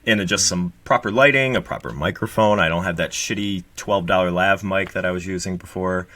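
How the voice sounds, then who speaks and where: A man's voice: deep voice, fairly quick, bright, forceful tone, no room sound. A man in his late thirties, a guest co-host in casual, rambling podcast chat, swearing and joking. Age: late 30s. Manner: rambling, profane, jokey.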